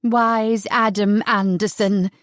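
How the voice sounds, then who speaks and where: A woman's voice: on the high side, slow pace, no echo, clean studio sound. A woman voicing a drunk, bitter young woman who talks in a sneering, cutting way.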